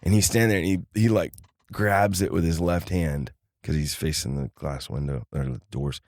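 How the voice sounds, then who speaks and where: A man telling a personal story on a podcast with lively energy, acting out the people in it. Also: low-pitched, moderate pace, no echo, clean studio sound. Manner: animated storyteller acting out quoted voices. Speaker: podcast guest. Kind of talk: casual storytelling.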